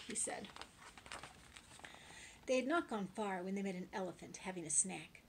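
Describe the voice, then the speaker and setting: A woman's voice: mid-range voice, normal speed, gravelly, slightly rough. Woman teacher reading a storybook. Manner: expressive read-aloud, building to loud suspense. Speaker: elementary school teacher. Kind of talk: reading a picture book aloud to children. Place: home.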